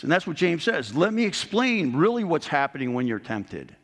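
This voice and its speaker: A man's voice: a little high, sing-song, moderate pace. A middle-aged man preaching a sermon as a pastor, earnest and rising to emphasis on key points. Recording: long hall reverb.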